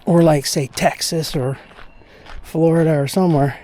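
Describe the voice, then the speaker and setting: A man's voice: fairly high pitch, steady tone, normal speed, mellow. A man from Pennsylvania talking casually and ramblingly during an outdoor walking vlog, sharing his opinions. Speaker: vlogger.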